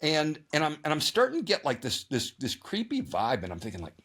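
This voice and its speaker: Guest male, lively swinging intonation, rambling storyteller full of restarts. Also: fairly high pitch, brisk, slightly rough. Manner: rambling, animated, many restarts and repeated words; acts out his own thoughts and others' lines in voices. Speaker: guest ultrarunner. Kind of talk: casual storytelling interview.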